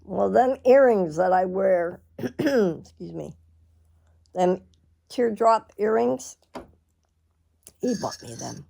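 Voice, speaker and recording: A middle-aged woman, telling a personal story in a rambling, halting way, often clearing her throat. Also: mid-range voice, lively intonation, dark tone. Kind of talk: casual storytelling.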